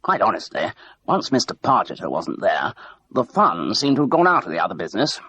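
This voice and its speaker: A man's voice: lowish voice, sing-song, a little fast, pushed and bright, slightly rough, highs cut off, exaggerated voice. A man doing a bluff, hesitant ex-crook major. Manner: hesitant, chatty, full of ums and uhs. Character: bluff middle-aged man, ex-crook posing as army major.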